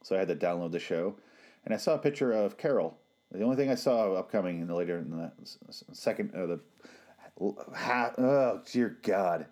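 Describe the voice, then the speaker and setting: A man's voice: lowish voice, a little mellow. A man giving casual, sarcastic and profane watch-along commentary on a TV show.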